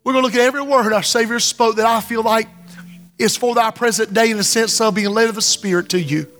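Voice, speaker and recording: A man delivers a fervent sermon in a high voice, now pressing hard, now hushed. The sound rings with the long reverb of a church hall. Soft music plays faintly underneath. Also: fairly even intonation, fast talker. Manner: fervent preaching, drops to hushed tones and breaks into song. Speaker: pastor. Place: church sanctuary.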